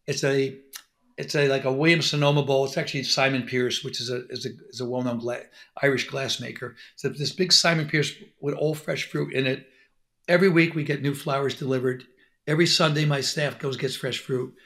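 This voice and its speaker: A middle-aged man telling stories as a guest on an interview, animated and acting out quoted lines. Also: medium pitch, a little fast. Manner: animated storyteller, acts out quotes. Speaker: podcast guest, dentist. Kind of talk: conversational interview.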